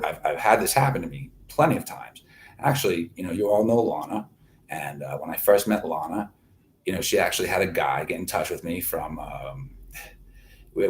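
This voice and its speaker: A man hosting his own online show, talking in a profane, boastful, meandering monologue from home. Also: sits low. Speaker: livestream host. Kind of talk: rambling crude monologue.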